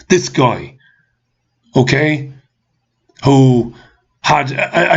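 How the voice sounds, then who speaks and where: Guy ranting on his show, keeps asking why, swears a lot, kinda muffled lo-fi audio. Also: medium pitch. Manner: exasperated, repeats questions, swears. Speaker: host. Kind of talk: ranting commentary. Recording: slightly dull lo-fi sound.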